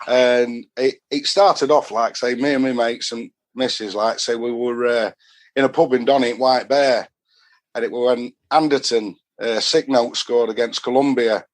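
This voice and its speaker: A middle-aged Yorkshire man from Doncaster, speaking as a podcast guest. He rambles happily through his stories in thick northern dialect, his voice sitting at an ordinary male pitch. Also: fairly even intonation, moderate pace. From Doncaster, Yorkshire, England. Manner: chatty, rambling, dialect-heavy. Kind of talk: casual storytelling.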